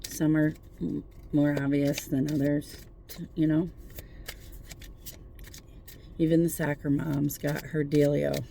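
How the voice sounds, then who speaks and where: A tarot reader talks into a phone from a parked car at night in a gravelly, creaky voice. The talk is a casual spiritual pep talk, earnest and encouraging, but full of swearing and wisecracks. A faint hiss sits under the voice. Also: mid-range voice, little pitch movement, takes it slowly, pauses often, warm tone. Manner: profane, joking, earnest encouragement.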